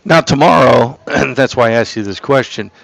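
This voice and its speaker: A man's voice: mid-range voice, normal speed, creaky, a bit bright, dry recording, poor audio. A man hosting a casual on-location radio interview, joking and laughing, and losing his voice. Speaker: radio show host.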